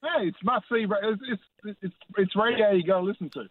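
A man's voice: high voice, a little fast, no room sound. A man calling in to a radio show, enthusiastic and jokey, heard over a tinny phone line. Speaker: caller. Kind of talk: phone-in call.

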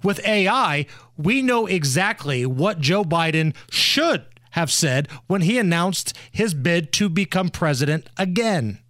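A male podcast host in comedic casual chat, setting up jokes with a wry, deadpan delivery. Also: high voice, a little slow, no room sound, clean studio sound.

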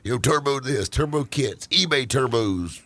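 A man in his forties tells old car stories in loose, casual chat. His voice is husky and rises and falls a lot as he talks, and he laughs often. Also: moderate pace. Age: 40s. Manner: animated storyteller, lively pitch, laughs often.

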